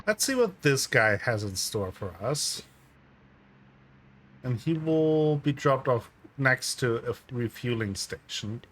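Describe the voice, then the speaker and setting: A man's voice: mid-range voice, lively intonation, takes it slowly, fairly bright tone. A man giving casual gameplay commentary as a let's-play host, with dry, muttered asides. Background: game music.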